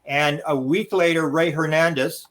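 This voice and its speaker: A man's voice: on the high side, steady tone, measured pace, a bit bright. A man giving a rambling interview answer as a guest author, acting out quoted dialogue as he tells stories. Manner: rambling anecdotal telling, acts out quoted dialogue. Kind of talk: interview storytelling.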